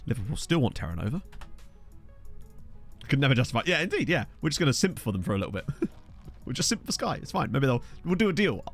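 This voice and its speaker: A man's voice: medium pitch, big pitch swings, fast talker, long pauses, faint music behind. A young man casually commenting while streaming a football management game, thinking aloud and thanking viewers. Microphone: desk USB microphone.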